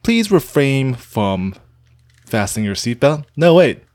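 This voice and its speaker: A man's voice: mid-range voice, big pitch swings, a little slow, a little mellow, dry recording, clean studio sound. A man voicing an airline pilot making a mock-formal cabin announcement.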